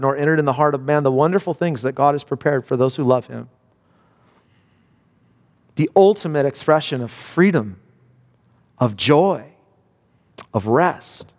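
A man preaching a sermon with impassioned delivery, dropping low and quiet then rising to high exclamations. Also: big-room sound. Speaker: pastor.

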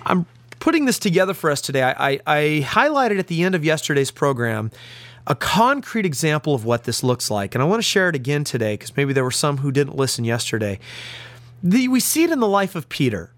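Male pastor, radio sermon, earnest, emphatic, very expressive pitch, dry close mic. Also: a little fast, no echo. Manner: earnest, emphatic, stresses key words. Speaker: pastor and radio Bible teacher.

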